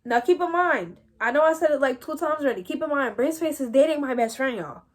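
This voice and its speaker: A woman's voice: high-pitched, quick pace. Slangy young New woman telling a story. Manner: slangy, animated, addresses viewers as y'all. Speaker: vlogger. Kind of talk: casual storytelling to viewers.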